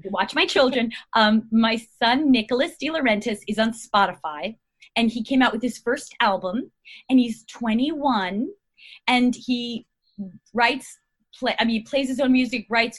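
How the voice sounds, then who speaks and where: A middle-aged American woman, an actress guest, chatting in a rambling, bubbly way and laughing often. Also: on the high side. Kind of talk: casual interview chat.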